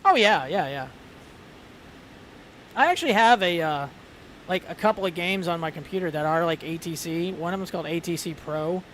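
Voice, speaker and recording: Guy rambling casually about flight sim stuff, a bit higher voice, faint hiss behind. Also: expressive, normal speed, long pauses, a bit bright. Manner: chatty, rambling, lots of fillers. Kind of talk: casual chat.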